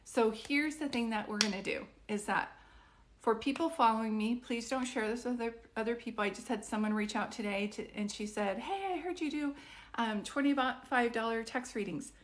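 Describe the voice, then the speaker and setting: Excitable woman chatting on a live stream. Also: a little high, normal speed. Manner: excitable, rambling, talks to viewers directly. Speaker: psychic reader on a live stream. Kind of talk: casual live-stream chat.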